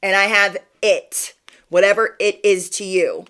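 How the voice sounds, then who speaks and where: Reading tarot cards live, this woman speaks at a middle pitch with fairly even intonation, and there's background noise. Her tone is encouraging, chatty, and playful as she talks straight to viewers, often checking in with a quick "okay?"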